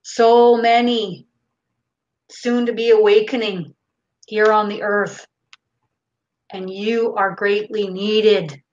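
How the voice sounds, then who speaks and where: Slow-talking Canadian woman, dull audio. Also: mid-range voice, level tone. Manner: reads viewer questions aloud, casual and unfiltered. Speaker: host. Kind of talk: live channeling Q&A.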